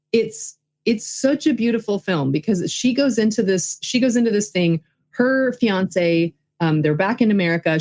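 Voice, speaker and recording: A woman's voice: fairly low pitch, darkish tone. A woman guest and filmmaker in a casual interview, talking enthusiastically with many fillers. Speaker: guest, filmmaker and writing coach.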